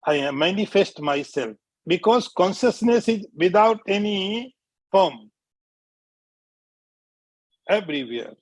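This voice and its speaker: A man teaching scripture as a swami, speaking deliberately, repeating key phrases and chanting short verses. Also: high-pitched, lively intonation, no room sound. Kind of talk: spiritual lecture.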